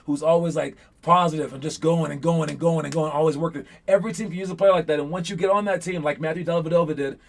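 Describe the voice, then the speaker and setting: A young man leads a basketball lesson for his players, his voice sitting fairly high for a man. He talks in a loose, animated way and keeps acting out the calls players shout on the court. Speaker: basketball coach.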